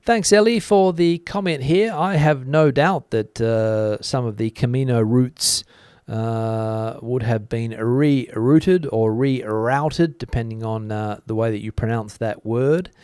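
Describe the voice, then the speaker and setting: A male news host talks loosely and unhurriedly, often stopping on fillers as he reacts to viewers' comments. His voice sits at an ordinary middle pitch. The recording is dry and close, with no room sound. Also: measured pace, clean tone, no echo. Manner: relaxed, many "uh" fillers, reads comments aloud and muses. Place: lives in Spain.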